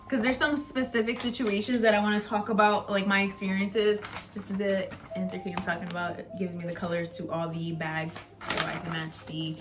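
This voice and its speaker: Young woman vlogger, mid-pitched, animated, blunt talker with swearing, faint music underneath. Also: normal speed. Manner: animated and ranting, swearing, laughing at herself. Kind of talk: casual chat to camera.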